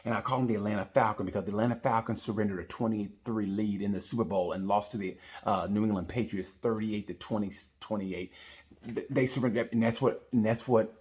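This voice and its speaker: Man, lowish voice, rambling profane comic monologue. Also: brisk. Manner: rambling, profane, animated storytelling. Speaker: comedy racing commentator. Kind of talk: comedic monologue review.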